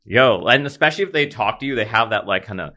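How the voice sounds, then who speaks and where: A man in a casual podcast chat, telling animated stories full of "like" fillers and quoted voices. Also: mid-range voice, very fast. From Philadelphia area, US. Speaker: podcast guest.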